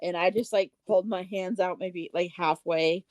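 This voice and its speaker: A woman playing in a tabletop game, speaking hesitantly and softly with frequent stammers. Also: on the low side, steady tone, moderate pace, crowd noise. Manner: hesitant, stammering, soft-spoken. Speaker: player.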